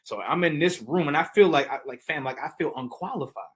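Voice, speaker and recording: A man who is a podcast guest and motivational speaker, telling stories in a lively, slangy, preacher-like way. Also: fairly high pitch, fairly quick, slightly rough, poor audio. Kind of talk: energetic storytelling in casual chat.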